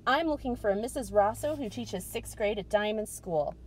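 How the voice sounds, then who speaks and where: A woman's voice: mid-range voice, expressive, normal speed, a little hiss or hum, lightly acted, poor audio. A woman reading aloud a combative, sarcastic father arguing on the phone, in a storybook reading. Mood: indignant. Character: gruff blustering father, adult man, combative.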